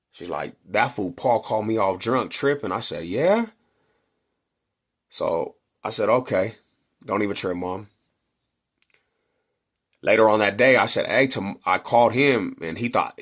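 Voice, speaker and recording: A man's voice: fairly low pitch, fairly bright tone. A middle-aged man from Denver telling a neighborhood story in slangy casual talk, acting out quotes and punches. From Denver, Colorado.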